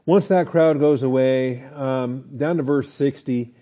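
A pastor teaches a Bible lesson in a relaxed, folksy way, his medium-pitched male voice unhurried and sprinkled with fillers and chuckles.

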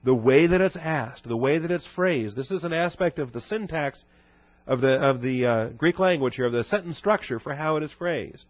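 A man preaching an expository sermon to his congregation, teaching conversationally and reading scripture quotes slowly and low. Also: animated, dry recording. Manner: conversational teaching with rhetorical questions. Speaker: pastor. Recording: dull dry recording.

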